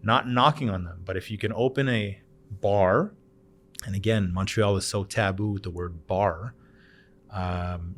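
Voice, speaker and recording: A man in his thirties from Canada, a bar owner chatting as a podcast guest, telling stories and acting out the other people's voices. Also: sits low. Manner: animated storyteller, acts out quoted voices. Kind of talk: casual chat.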